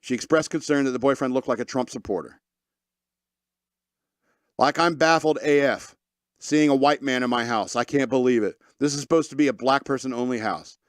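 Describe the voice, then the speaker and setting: A man's voice: medium pitch, quick pace, hardly any pauses, dry recording. Sarcastic man reading news, dry close mic. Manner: sarcastic, reads quotes aloud with asides. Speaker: podcast host reading news. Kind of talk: casual talk radio commentary.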